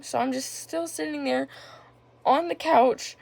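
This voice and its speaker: A woman's voice: high-pitched, moderate pace, creaky, darkish tone. A young woman casually telling a personal story on her vlog, rambling with lots of filler words. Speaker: vlogger.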